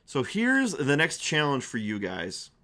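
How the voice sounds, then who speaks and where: A man's voice: mid-range voice, huge pitch swings, measured pace, sharp tone. A man streaming as game master, narrating a tabletop game in a rambling, playful way. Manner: rambling and playful, with many restarts and fillers.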